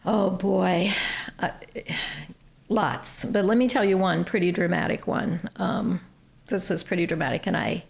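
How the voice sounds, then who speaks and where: A woman from Ohio with a low, gravelly voice, guesting on a podcast. She tells her stories earnestly and with animation, talking as the head of a nonprofit. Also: unhurried. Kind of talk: podcast interview, storytelling.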